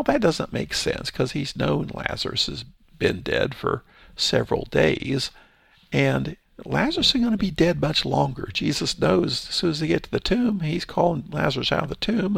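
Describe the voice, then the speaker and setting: A man reading Bible verses aloud and explaining them in a relaxed, thinking-aloud teaching style. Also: on the high side, moderate pace, gravelly, breathy edge, no room sound, clean studio sound. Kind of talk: Bible study commentary.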